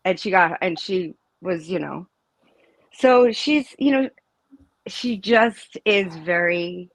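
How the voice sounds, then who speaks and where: A middle-aged woman talking casually as an interview guest, her lowish voice rambling and emphatic. She trails off and restarts often. The sound is dry, with no room echo. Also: expressive, takes it slowly. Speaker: interview guest, mother of a student. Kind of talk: casual live interview chat.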